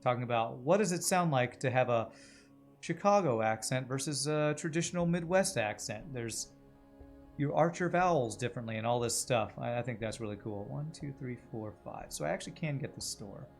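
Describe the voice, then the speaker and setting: Male streamer, casual and chatty, mid-pitched, faint music under the voice. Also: expressive, normal speed, gravelly. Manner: chatty, muses aloud about voices and accents while playing. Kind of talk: casual gaming livestream chat.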